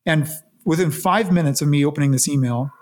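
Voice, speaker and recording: A man's voice: a little high, a little mellow. Earnest man telling a personal story. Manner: earnest and reflective, halting restarts. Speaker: interview guest.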